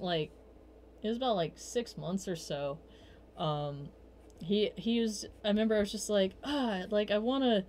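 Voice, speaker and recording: A young woman hosting a livestream, telling rambling personal stories in a casual chat full of fillers, restarts and quick quoted asides. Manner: quotes herself in bursts of higher voice. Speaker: livestream host.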